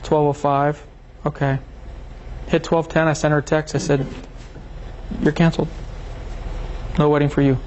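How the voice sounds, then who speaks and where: Lively man telling a seminar story. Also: on the high side, moderate pace, pauses often, slight background noise. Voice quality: animated storyteller, acts out quotes. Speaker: seminar presenter. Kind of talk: seminar talk to a small group.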